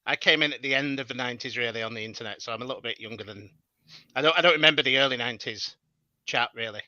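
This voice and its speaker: A man's voice: mid-range voice, rapid-fire, pushed and bright, no room sound, lo-fi sound. A British man in his thirties, a guest podcaster, chatting in an easygoing, hesitant way. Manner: easygoing, hesitant, many fillers and restarts. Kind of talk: casual chat.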